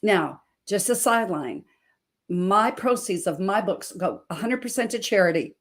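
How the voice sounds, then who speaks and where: A woman's voice: mid-range voice, a little slow. Emphatic woman in her sixties hosting. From Montana, USA. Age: 60s. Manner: emphatic, preacherly, animated storytelling. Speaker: host and health coach. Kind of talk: inspirational talk show intro.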